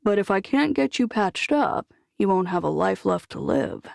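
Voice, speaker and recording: A woman narrator voicing a brisk, firm male cardiologist who reasons with a stubborn patient. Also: mid-range voice, very animated, gravelly, dry recording, studio quality.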